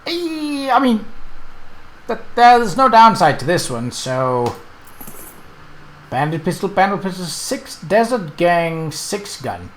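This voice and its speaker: A man casually commenting on his gameplay and reading the game's text aloud, chatty and quick to correct himself. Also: high voice, very animated, fairly bright tone. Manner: chatty, self-correcting, laughs at the game. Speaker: let's play host.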